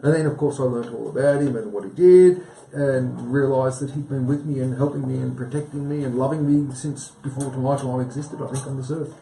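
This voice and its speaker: A man's voice: medium pitch, fairly even intonation, a little fast, gravelly, few pauses, mellow, reverberant, distant mic, poor audio. A man speaking as a guest healer on a live TV chat show, talking earnestly, rambling and repeating his phrases.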